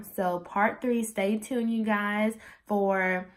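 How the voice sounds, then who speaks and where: Chatty young woman vlogger, very animated. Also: medium pitch, slow pace, few pauses, noisy background. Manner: chatty, animated, says "like" constantly, acts out quotes. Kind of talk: casual storytelling to camera.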